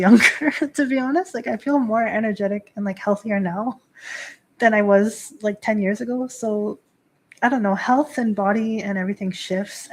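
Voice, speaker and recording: A woman in her thirties hosting a casual livestream talk as a priestess. She answers chat in a chatty, filler-heavy way and laughs often. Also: mid-range voice. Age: 30s. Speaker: host and Shinto priestess.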